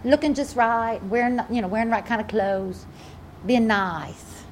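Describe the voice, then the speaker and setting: A woman preaching a sermon in an animated, emphatic way, often repeating her phrases. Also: fairly high pitch, normal speed, a little hiss or hum.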